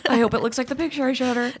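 A woman's voice: high voice, bright, forceful tone, slight background noise. A woman co-hosting a podcast in casual chat, blunt and swearing freely, laughing often. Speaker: podcast co-host.

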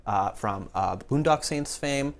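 A man's voice: medium pitch, expressive, unhurried. A man co-hosting a web show, easygoing and trailing off as he chats. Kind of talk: casual chat.

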